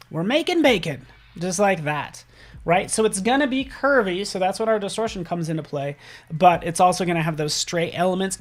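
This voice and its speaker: A man giving a live software tutorial, upbeat and chatty, often checking in with "right?" as he works on a drawing. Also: high-pitched. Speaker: design instructor.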